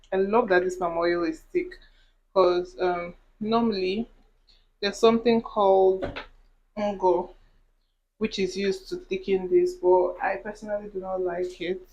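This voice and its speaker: A woman's voice: mid-range voice, steady tone, a little slow, a little mellow, highs cut off, a little hiss or hum. Chatty woman cooking on camera. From Nigeria. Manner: chatty, talks while cooking, asides to viewers. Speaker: cooking vlogger. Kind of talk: casual cooking tutorial. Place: home kitchen.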